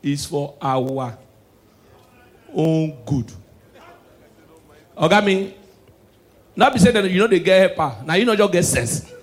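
A male stand-up comedian with a Nigerian Pidgin accent works the crowd in a high-pitched voice. He drops into low, preachy asides, then bursts into loud, shouted punchlines. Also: lively intonation, takes it slowly, long pauses.

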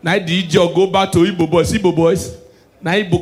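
A man doing live stand-up comedy in Nigerian Pidgin English, dropping to hushed asides and then shouting punchlines. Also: sits high, a little fast.

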